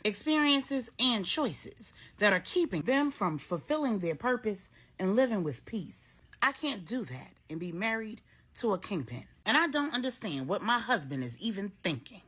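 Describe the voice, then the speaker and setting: Woman voicing a churchgoing businesswoman, earnest, measured, lively pitch, storybook reading. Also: breathy edge. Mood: firm. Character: woman, church ministry leader, firm.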